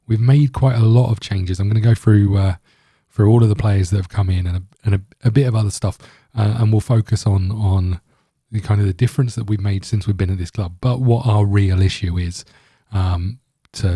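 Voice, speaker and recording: Rambling male gaming host, dark husky voice. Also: fairly low pitch, dry recording, clean studio sound. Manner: rambling, hesitant, many fillers and restarts. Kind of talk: casual gameplay commentary.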